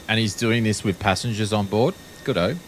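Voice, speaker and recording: An Australian man with a lowish voice gives relaxed, wry running commentary as a streamer. He often trails off with ums. A faint engine hum sits under his speech. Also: unhurried. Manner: chatty, wry, with frequent ums. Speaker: flight sim streamer. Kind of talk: casual live-stream commentary.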